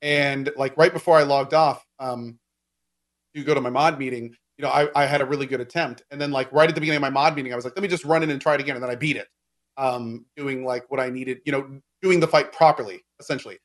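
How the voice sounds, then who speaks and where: A man's voice: medium pitch, fairly even intonation, quick pace. A man in casual gaming chat, explaining game mechanics at length with lots of fillers and restarts. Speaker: game discussion co-host.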